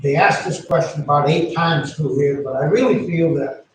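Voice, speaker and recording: A man's voice: on the high side, normal speed. A man on a town zoning board, reading survey questions aloud and giving his plain opinions on them. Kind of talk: casual meeting discussion. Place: town meeting room. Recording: very echoey room, distant mic, faint noise.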